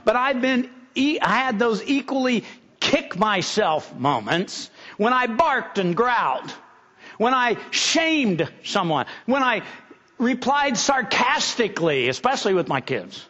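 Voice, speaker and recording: A man's voice: very high-pitched, very animated, a little slow, sharp tone. A middle-aged male pastor preaching a sermon in an earnest way, often restarting and building to emphatic peaks. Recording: slightly dull lo-fi recording.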